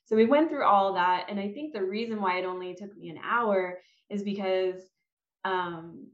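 A woman's voice: medium pitch, normal speed. Woman, casual chat, storytelling with fillers, roomy echo, muffled sound. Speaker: guest mom. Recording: roomy, dull-sounding audio.

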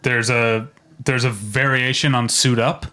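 A man's voice: medium pitch, steady tone, a little slow, bright, forceful tone. A man co-hosting a podcast, chatting casually with lots of fillers and laughs. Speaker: podcast co-host.

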